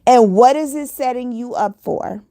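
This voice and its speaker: A woman with a fairly high voice delivers a motivational monologue straight to her listeners. She speaks earnestly and hammers her points home by repeating them. The sound is dry and close, with no room echo. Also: normal speed, dark tone. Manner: earnest, repetitive, preachy exhortation. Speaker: motivational vlogger.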